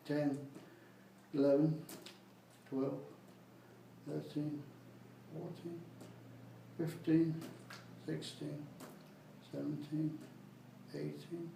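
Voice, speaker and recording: High-voiced man coaching exercises in an echoey room. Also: a little mellow. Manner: counts repetitions aloud while exercising; plain, rambling instructions. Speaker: home exercise instructor. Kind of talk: informal exercise demonstration. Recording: echoey room, mic at a distance.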